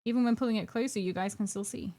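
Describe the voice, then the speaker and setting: Talking fast in a mellow, mid-range voice, a young woman from the United Kingdom streams her miniature painting. She's chatty and giggly, often poking fun at herself.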